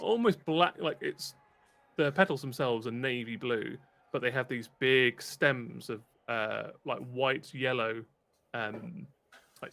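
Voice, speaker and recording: Bright-voiced British game master, rambling. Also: male voice, mid-range voice, creaky. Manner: rambling, lots of fillers and restarts. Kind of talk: narrating a tabletop game.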